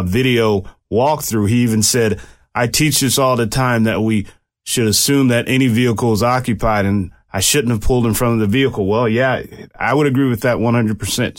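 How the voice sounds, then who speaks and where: A man who speaks as a police officer, explaining a police shooting case to viewers in a loose, conversational way with restarts. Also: mid-range voice. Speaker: commentator and former police officer. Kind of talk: casual commentary on a case.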